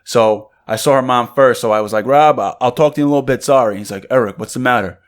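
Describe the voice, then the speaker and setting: Quick and medium-pitched, a young man co-hosting a podcast shares a casual story while smoking cigars. He tells it animatedly, acting out the voices of the people in it.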